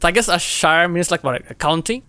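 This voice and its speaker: A young man streams a game while chatting casually with viewers, reading their messages aloud, answering them, and laughing often. His voice is a little high, animated, brisk, pushed and bright. The tone is clean and the recording dry.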